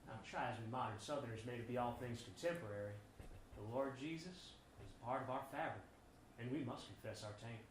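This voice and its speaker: An actor on stage playing a wry older brother with a Southern accent and ornate, sardonic speech. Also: male voice, medium pitch, a little fast, a little hiss or hum, close to an everyday voice. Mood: grandiloquent. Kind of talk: stage play acting. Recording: echoey theater hall.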